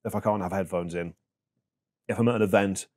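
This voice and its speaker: A man in his thirties, a podcast guest talking in a reflective, halting way with many fillers. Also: low voice, steady tone, a little mellow. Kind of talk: casual chat.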